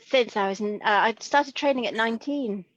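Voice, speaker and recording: A woman's voice: on the high side, moderate pace, dry recording. Chatty middle-aged woman on a muffled call. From Liverpool, England. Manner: chatty, enthusiastic, full of asides. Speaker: consultant podiatrist, guest. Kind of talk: interview over video call.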